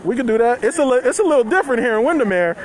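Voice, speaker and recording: A man's voice: very high voice, big pitch swings, racing. A man reporting live from a street protest on a handheld phone, loose and conversational, chuckling and talking to his viewers. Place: outdoors by a street. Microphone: phone held in hand. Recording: faint outdoor street noise. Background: passing cars and street noise.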